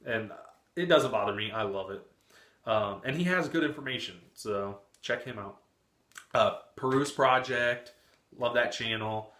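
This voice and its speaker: A chatty young man in his twenties rambles casually about his reading life. His voice is bright and forward, and it bounces around an echoey room. He curses freely and laughs easily. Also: medium pitch, measured pace. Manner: chatty, frequent cursing and laughter. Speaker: book vlogger. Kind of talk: casual chat.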